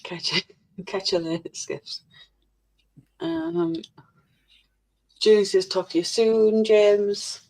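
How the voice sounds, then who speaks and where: A woman's voice: medium pitch, big pitch swings, slow, gravelly, long pauses, darkish tone. A woman co-hosting a casual livestream, reading viewers' comments aloud in a blunt, sweary way.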